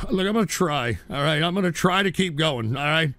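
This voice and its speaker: A man hosting a live radio stream, ranting and cursing at trolls, stammering and breaking into shouts. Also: fairly high pitch, lively intonation, normal speed. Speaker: talk radio host. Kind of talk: livestream radio rant.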